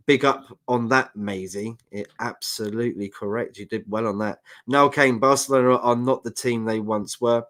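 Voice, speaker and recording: A man with a London accent co-hosts a casual football chat show, trading banter and reading out viewer comments. His voice sits on the low side and has a slight brightness.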